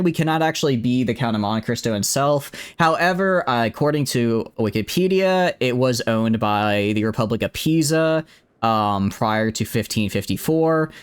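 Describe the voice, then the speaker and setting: Rambling, self-mocking male game streamer. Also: medium pitch. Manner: rambling, self-deprecating, frequent restarts and fillers; greets chat viewers by name. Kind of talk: casual live-stream chat over gameplay.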